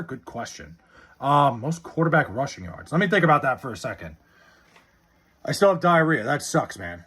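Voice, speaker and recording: A man's voice: fairly high pitch, big pitch swings, moderate pace, fairly bright tone, husky. A man streaming live, chatting casually with his viewers, rambling and swearing freely as he argues about sports. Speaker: live streamer reading chat.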